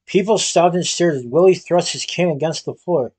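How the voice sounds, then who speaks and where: A man reads a storybook aloud in a steady, even manner, now and then going back over a word. His voice sits a little high for a man and has a husky grain. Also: moderate pace. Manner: steady reading with occasional restarts. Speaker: storybook reader.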